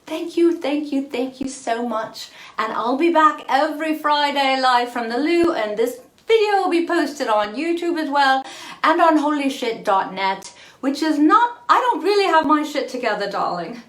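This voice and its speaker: A woman's voice: sits high, moderate pace. A woman hosting a live-streamed self-care talk from a bathroom, gushing and playful, calling her viewers darling. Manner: playful and expressive, laughs often. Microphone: phone livestream. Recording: roomy, echoey bathroom sound.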